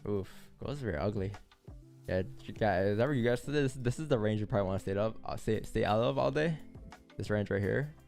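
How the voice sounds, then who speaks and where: A man's voice: fairly low pitch, a little fast, vocal fry, darkish tone, faint music behind. A young man hosting a live trading stream, talking loosely and repeating himself as he walks through charts. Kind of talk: casual live-stream commentary.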